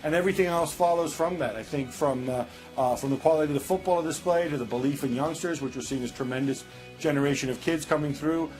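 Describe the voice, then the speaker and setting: A man's voice: a little high, quick pace, darkish tone, faint music behind. A man giving thoughtful, hesitant analysis of Italian football on a studio panel. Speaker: pundit.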